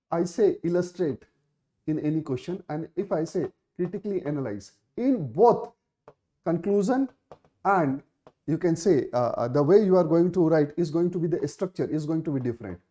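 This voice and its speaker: A man's voice: fairly high pitch, mellow. Emphatic Indian English coaching teacher, man. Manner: emphatic, repeats key phrases, many fillers. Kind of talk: live Q&A session answering student questions.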